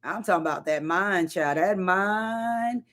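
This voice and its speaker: A woman leading an informal sermon. She speaks emphatically and conversationally, repeating key lines slowly. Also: fairly low pitch, a bit bright. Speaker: prayer leader.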